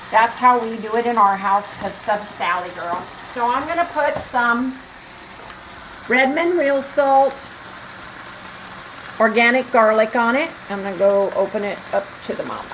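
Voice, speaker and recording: A woman's voice: fairly high pitch, roomy sound, noisy background. A woman chatting casually in a rambling way while cooking at home for her vlog. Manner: chatty, rambling, laughs often. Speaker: vlogger. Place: home kitchen.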